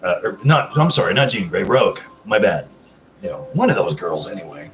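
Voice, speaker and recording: A man's voice: low voice, very animated, brisk, a little hiss or hum. Swearing, rambling male livestream host. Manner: chatty, reads and answers viewer comments. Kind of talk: casual live chat with viewers. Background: background music.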